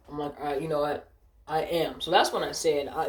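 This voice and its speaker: A young woman telling a casual storytime rant, animated and profane, acting out the people she quotes in a higher voice. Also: a little fast. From Ohio, United States. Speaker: vlogger. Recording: echoey room.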